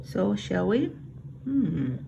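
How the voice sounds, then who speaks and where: A middle-aged woman with a Korean accent leads a Korean alphabet lesson, speaking very slowly and with patience. Her voice carries a gravelly edge. A faint noise hums under the recording. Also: mid-range voice, sing-song, dark tone, lo-fi sound. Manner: patient, repeats sounds slowly and stresses them. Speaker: language teacher.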